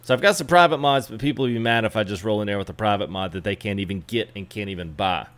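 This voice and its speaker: While tweaking a truck in a game, this streamer talks fast with live viewers, his lowish voice fairly bright. He keeps things casual and welcomes viewers by name.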